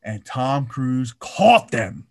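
A man chatting casually and telling a story, swearing constantly and acting out what others said. His voice is mid-pitched and sits close and dry. He speaks in loose, run-on sentences. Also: very slow, no echo. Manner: profane, animated storytelling, acts out quotes loudly. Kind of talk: casual chat.

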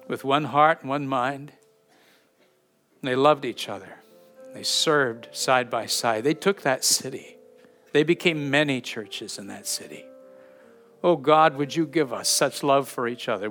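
A pastor with a mid-range, fairly bright voice preaches an earnest, fervent sermon, slowing down to read scripture aloud before leading a closing prayer and blessing.

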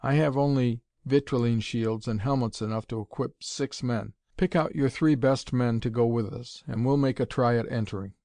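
A man's voice: medium pitch, normal speed, few pauses, mellow, dry recording, lightly acted. A man reading an audiobook, voicing an eager, commanding male scientist-detective in a raised, urgent voice. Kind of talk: audiobook character voice.

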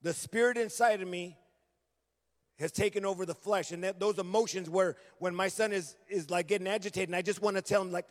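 A man's voice: high-pitched, steady tone, a little fast. A middle-aged man preaching a sermon as a guest, telling his story earnestly and acting out remembered conversations. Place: church sanctuary. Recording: long reverb of a large hall.

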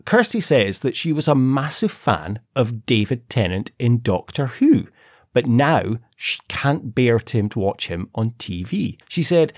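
A Scottish man chatting on a podcast, loose and sweary, often breaking into laughter. His voice sits at a middling pitch. The sound is dry and close, with no room on it. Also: expressive, measured pace, dry recording. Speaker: podcast co-host. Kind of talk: casual chat.

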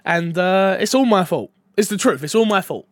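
A man hosting a casual gaming podcast, joking and animated, dropping from loud bursts to mumbled asides. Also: sits high, normal speed, dry recording. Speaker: podcast host.

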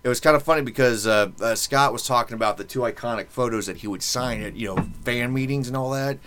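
A man's voice: medium pitch, fast, over music. A man hosting a podcast in casual chat, rambling and joking with many fillers. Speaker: podcast host.

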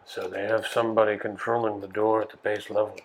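A man's voice: on the low side, flat delivery, fast, creaky, poor audio. A man playing a tabletop role-playing game, chatting and commenting in a dry, matter-of-fact way. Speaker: player. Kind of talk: casual table chat.

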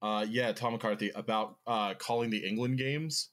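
A man's voice: fairly low pitch, fairly even intonation, normal speed, fairly bright tone. Blunt, joking podcast co-host man. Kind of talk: casual sports chat.

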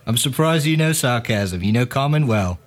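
A man's voice: medium pitch, animated, normal speed, pitched above the performer's own voice, close to an everyday voice. A man doing a mocking tavern woman. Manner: teasing, mocking.

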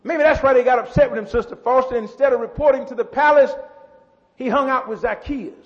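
A pastor preaching a sermon. He builds to shouts, repeats words and calls out to the congregation. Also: extremely high pitch, fairly quick. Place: church. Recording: muffled church hall with long echo.

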